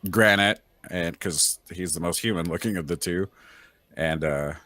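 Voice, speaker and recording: A man's voice: deep voice, unhurried, sharp tone, dry recording. A man playing a tabletop game, chattily describing what his character does. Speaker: player.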